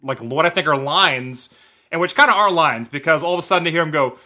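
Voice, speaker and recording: A man with a bright, somewhat high voice co-hosts a casual podcast. He tells a long, rambling story in an animated way. He laughs often and fills his sentences with "like" and "uh". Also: fairly quick. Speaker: podcast co-host.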